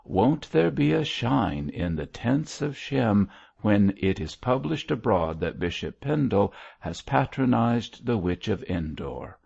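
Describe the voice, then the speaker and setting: A man voicing a lively, teasing young army captain in an audiobook, talking in a playful bantering way. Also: lowish voice, slow pace, creaky, breathy edge, lo-fi sound, pitched above the performer's own voice, exaggerated voice.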